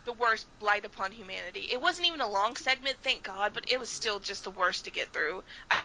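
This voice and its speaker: A woman's voice: medium pitch, lively intonation, fairly quick, sharp tone, slight background noise, poor audio. A woman co-hosting a casual chat, talking bluntly and with exasperation, swearing freely. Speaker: podcast co-host.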